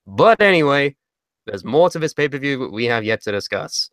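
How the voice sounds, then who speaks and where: A man's voice: medium pitch, expressive, normal speed, fairly bright tone, no echo, clean studio sound. A man co-hosting a wrestling podcast, talking sarcastically and swearing freely. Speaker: podcast co-host. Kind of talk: casual wrestling podcast chat.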